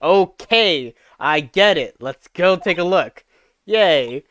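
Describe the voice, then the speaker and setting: A man's voice: high-pitched, animated, slow pace, a bit bright, no room sound. A man casually reading visual novel dialogue aloud on a live stream, chatting and laughing between lines.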